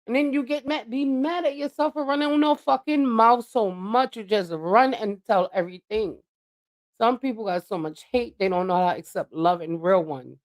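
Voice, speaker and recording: A woman's voice: medium pitch, animated, normal speed. A woman livestreaming a blunt, profane monologue that lectures her viewers. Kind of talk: ranting live-stream monologue.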